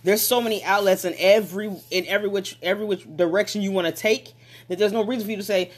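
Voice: medium pitch, steady tone, quick pace, breathy edge. A speaker giving a motivational talk, emphatic and repetitive, pressing listeners directly with questions and urging them to act.

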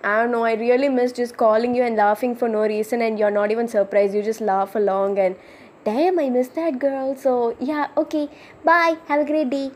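A woman's voice: on the high side, fairly even intonation, moderate pace, darkish tone. Playful giggly young woman. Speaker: friend leaving a birthday message. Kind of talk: recorded birthday voice message.

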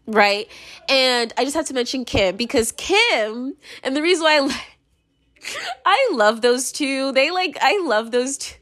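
Animated young woman ranting casually. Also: high voice, measured pace. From United States. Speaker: commentator. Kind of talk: casual opinion monologue.

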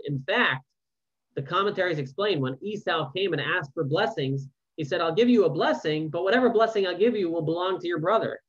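On a video call, a man with a higher-pitched voice teaches Torah at a moderate pace, reading verses aloud and then asking questions in a casual, conversational tone. It's an online Bible class with informal commentary, and the audio is dull.

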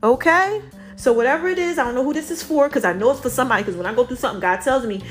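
A woman's voice: sits high, racing, faint music behind. A woman giving an impassioned faith testimony to her viewers, speaking through a tight throat, emphatic and repeating herself for stress. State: tight, constricted throat, a little choked up.

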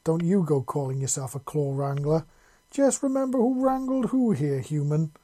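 Guy doing a big teasing claw-monster lady, throaty and dark. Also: a little high, normal speed, natural voice. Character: huge female clawed creature, playful and growly.

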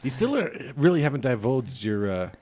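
A man's voice: medium pitch, big pitch swings, a little fast, a little mellow. A man co-hosting a podcast, joking crudely and teasing the others in casual chat. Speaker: podcast co-host.

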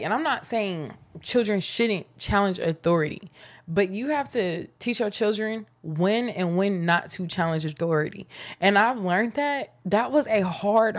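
A young adult woman co-hosting a casual chat, candid and conversational. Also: lowish voice. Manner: candid, conversational, laughs often. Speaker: co-host.

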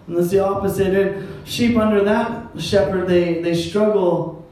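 A man's voice: high voice, steady tone, a little slow, hardly any pauses, darkish tone. A man preaching a sermon as pastor, in a conversational style with wry, self-deprecating asides. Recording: echoey hall, mic at a distance.

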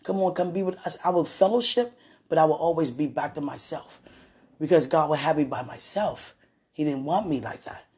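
A religious woman hosting a podcast speaks at a moderate pace in a low, husky voice. She tells her partner a story casually but with real animation, acting out others' words and bringing up God and the Holy Spirit again and again.

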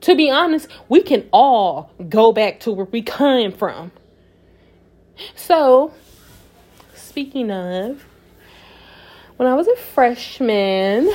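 Young adult woman, casual monologue to camera; emphatic, shifts from quiet reflection to loud conviction. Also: medium pitch. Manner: emphatic, swings from soft musing to loud passionate outbursts.

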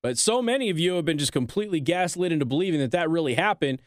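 Animated, high-pitched sarcastic male host. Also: quick pace, dry recording, studio quality. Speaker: talk show host. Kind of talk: political commentary monologue.

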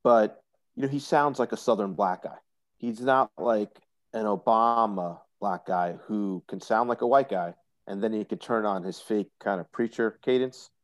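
A man's voice: lowish voice, moderate pace. A man talking as a guest on a casual podcast, opinionated and explanatory. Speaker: guest commentator.

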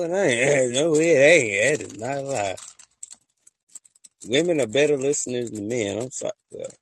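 A man hosting a casual podcast chat, talking to his listeners in a slangy, joking way that swings between loud and soft. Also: mid-range voice, a little hiss or hum, poor audio. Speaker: podcast host. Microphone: voice-message app.

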